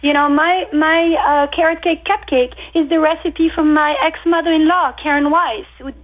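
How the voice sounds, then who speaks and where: A woman's voice: high-pitched, steady tone, normal speed. A woman from France with a French accent, a bakery owner talking emphatically and repeating her words as a guest on a casual radio interview. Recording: tinny phone-like line.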